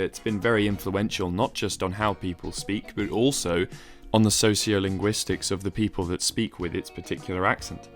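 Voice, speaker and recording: A man giving a measured, explanatory, scripted narration for a video essay. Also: low voice.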